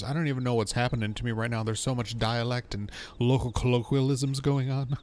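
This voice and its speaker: A male streamer chatting loosely as he plays a game. He is playful and quick to mock himself as he reacts to what he reads. His voice sits at a middling pitch. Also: fairly even intonation, darkish tone. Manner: playful, self-mocking, reads aloud and reacts. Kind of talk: casual gaming commentary.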